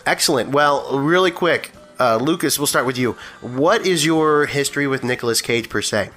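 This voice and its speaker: A man's voice: medium pitch, moderate pace, fairly bright tone, faint music behind. A man co-hosting a casual film-review podcast, bantering in a joking, upbeat way. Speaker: podcast co-host.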